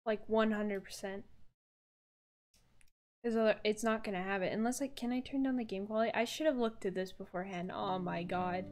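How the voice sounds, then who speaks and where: A woman's voice: mid-range voice, fairly quick, darkish tone. A young woman streaming live, chatting casually as she struggles with settings and grows exasperated, breaking into laughter. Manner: flustered, exasperated, laughing outbursts.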